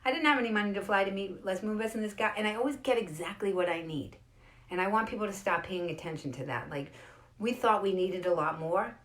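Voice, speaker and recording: A woman's voice: fairly quick, fairly bright tone. A woman hosting her own show, chatting casually and acting out the voices in her stories. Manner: chatty storyteller, acts out quotes with pitch jumps. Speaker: host. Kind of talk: casual monologue.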